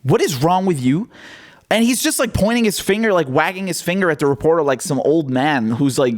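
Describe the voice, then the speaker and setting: A man's voice: on the high side, very animated, normal speed. Indignant male political commentator. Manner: indignant, blunt, swears.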